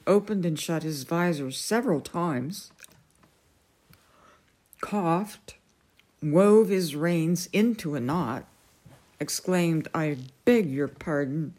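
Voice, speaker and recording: Storytime reader, woman; gentle, slow, lowish voice. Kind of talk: reading a novel aloud.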